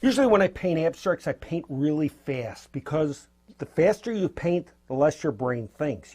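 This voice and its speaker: A man's voice: on the high side, lively intonation, normal speed, darkish tone. A man teaching abstract painting as he works, talking in a loose, encouraging, spontaneous way. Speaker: painting instructor. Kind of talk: casual painting demonstration.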